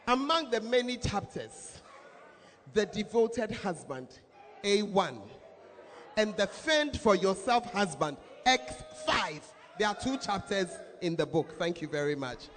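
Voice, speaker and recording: A woman pastor preaching a sermon in a lively, shouting, laughing manner. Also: mid-range voice, unhurried. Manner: animated, shouts and laughs often. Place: church hall with congregation. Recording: reverberant hall, faint crowd.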